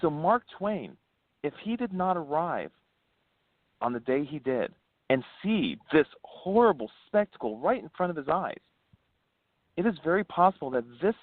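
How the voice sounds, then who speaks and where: A paranormal investigator and ghost tour founder, born in New Hampshire and raised in Florida, tells history and ghost stories as a guest in a casual phone interview. He's an animated storyteller who laughs often and swoops in pitch, speaking at a moderate pace over a dry, tinny phone line with no room sound.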